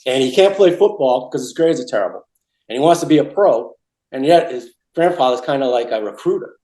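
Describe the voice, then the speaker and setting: Poor audio in an echoey room captures a middle-aged Massachusetts man rambling through stories in a casual interview, repeating and restarting often. He speaks fairly quickly at medium pitch, expressive and mellow.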